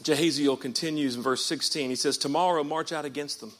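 A man pastor preaching a sermon in church, swinging from quiet reading up to shouted, rhythmic repeated phrases and calling out to the congregation. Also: fairly high pitch, a little fast, background noise. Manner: calls out to the congregation.

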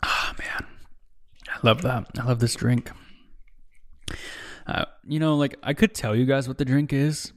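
A man's voice: mid-range voice, fairly even intonation, measured pace, long pauses. A young man hosting a podcast, talking in a casual, rambling monologue. He swears freely and keeps tacking "dude" and "bro" onto the ends of his sentences. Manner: profane, rambling, says "dude" a lot. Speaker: podcast host. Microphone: desk mic, seen drinking on video.

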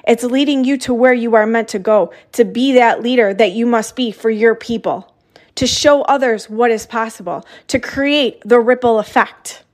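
A woman's voice: a little high, a little mellow. A woman in her thirties giving an earnest, emphatic motivational talk as a coach, often repeating herself for emphasis.

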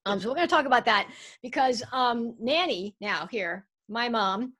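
A woman's voice: a little high, animated, moderate pace, fairly bright tone. Upbeat American woman podcast host. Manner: upbeat, uses fillers. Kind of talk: casual podcast chat.

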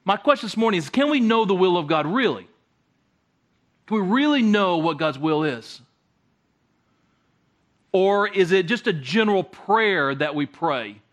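A man preaching a sermon in a loose, conversational way. He often stalls and repeats words, then pushes on. His voice sits a little high for a man. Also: expressive, measured pace, long pauses. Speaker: guest preacher.

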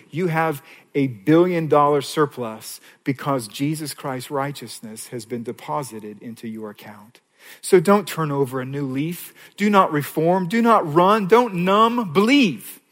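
A pastor preaching an earnest sermon, rising to loud, high passages and dropping to a soft near-whisper on key lines. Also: male voice. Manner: earnest preaching with dramatic swings in pitch and volume.

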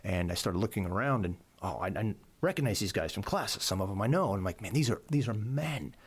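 Low-voiced man telling a story. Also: animated, fairly quick, husky. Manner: rambling, repeats words, voice rises when quoting himself. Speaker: course instructor. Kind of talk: casual storytelling chat.

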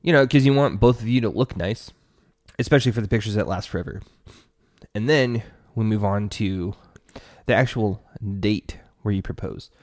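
Earnest low-voiced man giving advice. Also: normal speed, darkish tone, dry recording, studio quality. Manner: earnest, conversational, talks straight to the listener. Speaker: relationship advice podcast host. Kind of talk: casual advice monologue.

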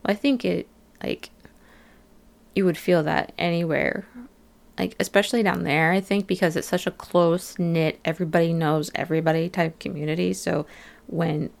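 A woman with a low, gravelly voice recaps an episode in a relaxed podcast chat. She talks loosely, full of fillers, and slips into little acted-out quotes. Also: normal speed. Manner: chatty, many fillers, acts out quotes of locals. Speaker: podcast co-host.

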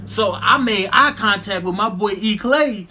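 Male co-host, high bright voice, animated slangy storyteller in a casual chat. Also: unhurried, a little hiss or hum. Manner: animated storyteller, laughs through punchlines, slangy.

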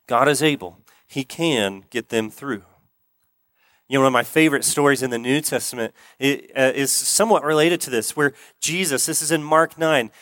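A man preaching a sermon as pastor, earnest, repeating key phrases and slowing down for emphasis. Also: a little high, fairly bright tone, no room sound.

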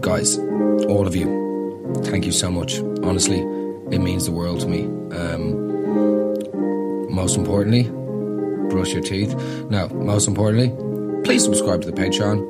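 An Irish man hosting a podcast, telling a comic story in an animated, exasperated rant. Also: low voice, a little slow, long pauses, loud music behind the voice. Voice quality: animated, exasperated ranting with swearing. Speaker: podcast host. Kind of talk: comedic storytelling monologue.

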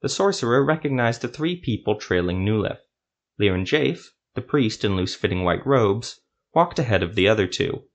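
Low-voiced male fantasy storyteller. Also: expressive, moderate pace, muffled recording. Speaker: narrator. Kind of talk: scripted narration of a fan fantasy story.

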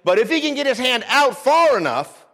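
A man preaching a sermon with emphasis, repeating phrases, dropping low and quiet for weight, and calling out for the congregation's amens. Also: sing-song, moderate pace. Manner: emphatic, repeats phrases, calls for "Amen?" responses.

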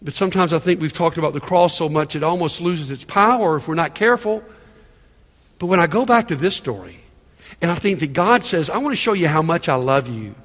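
High-voiced preacher man in a reverberant hall. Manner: animated preaching, calls out "Amen?" to the congregation. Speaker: pastor. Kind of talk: sermon.

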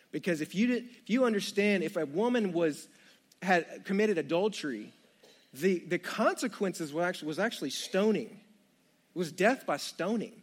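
A young man preaching a sermon, retelling the story with jokey asides and playful asides to the congregation. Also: sits high. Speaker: pastor.

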